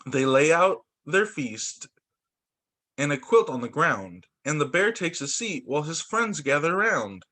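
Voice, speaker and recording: A male teacher reading picture books aloud to children over a video call, animated and expressive. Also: on the high side, unhurried.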